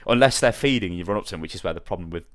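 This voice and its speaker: Male podcast host, casual chat, very lively storyteller, swears freely. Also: low voice, very fast, dry recording, studio quality.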